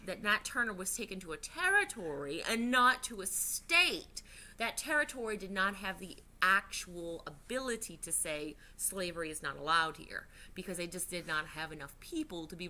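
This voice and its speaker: A woman's voice: lowish voice, animated, normal speed, sharp tone, a little hiss or hum. A woman, a teacher giving a chatty history lesson to children from home, with many fillers and restarts.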